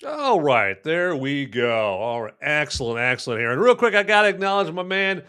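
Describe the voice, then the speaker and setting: A man's voice: fairly high pitch, very animated, normal speed, sharp tone, clean tone. A man hosting a live movie review podcast, rambling and joking while answering the live chat. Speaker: podcast host.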